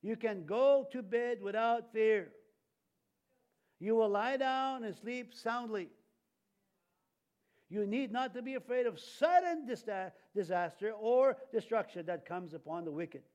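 High-voiced animated preacher man. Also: a little slow, highs cut off. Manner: animated, laughs often, acts out quoted voices. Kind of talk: sermon.

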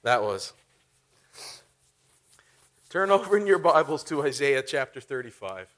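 A man's voice: medium pitch, very animated, a little slow, a bit bright. A man preaching a sermon, telling a funny story and laughing often as he talks. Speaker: pastor.

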